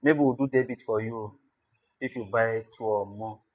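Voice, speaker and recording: A language teacher with a Nigerian accent giving an informal lesson, repeating words slowly to show their pronunciation. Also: medium pitch, steady tone, darkish tone, rough recording.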